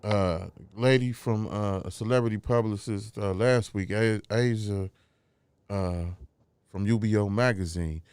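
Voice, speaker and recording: An easygoing man hosts a casual interview, joking as he asks questions. His voice is smooth and resonant, recorded dry and close with no room sound. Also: lowish voice, unhurried, darkish tone, no echo. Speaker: host.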